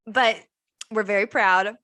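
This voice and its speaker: A young woman, co-hosting a casual podcast and telling an animated story, acting out the other people's lines. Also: medium pitch, unhurried, no echo. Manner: animated storytelling, acts out quoted dialogue. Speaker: podcast co-host. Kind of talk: casual chat.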